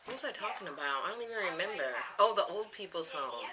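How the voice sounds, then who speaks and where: A woman's voice: mid-range voice, expressive, fast talker, background noise. A woman in her thirties chatting casually to camera at home, rambling from one thing to the next and laughing often. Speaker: vlogger. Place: home, indoors.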